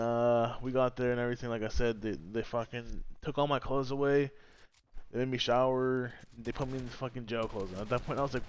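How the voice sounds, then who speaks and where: A man's voice: mid-range voice, clear, resonant tone, dry recording. A young man vlogging, casually retelling a story from his school days in a rambling, profane way. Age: young adult. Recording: dry, slightly dull close recording.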